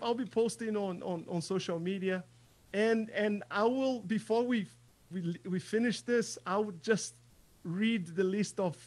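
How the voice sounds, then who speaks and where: A man teaching an online percussion workshop, chatty, repeating words as he talks, and counting in loudly over a practice track. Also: high voice.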